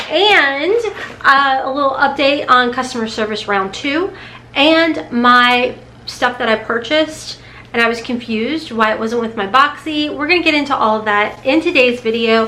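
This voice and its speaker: A woman's voice: sits high, pushed and bright. A woman vlogger, chatting casually to the camera in a rambling, emotional way, nervous and close to tears. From Kentucky, USA. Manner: rambling, emotional, talks in bursts with restarts. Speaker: beauty vlogger. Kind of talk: casual unboxing vlog chat.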